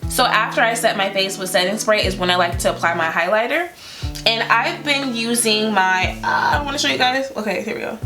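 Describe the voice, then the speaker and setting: A woman's voice: mid-range voice, a little fast. A young woman chatting casually through a makeup tutorial, playful and loose, with lots of fillers and small laughs. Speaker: beauty vlogger. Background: guitar music.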